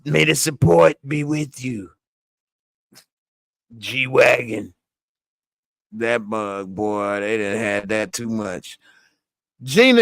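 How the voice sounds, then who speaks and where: Brief: animated male reviewer, casual reaction talk, dry close sound. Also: mid-range voice, dry recording. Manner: animated, slangy, laughs often. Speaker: TV show reviewer.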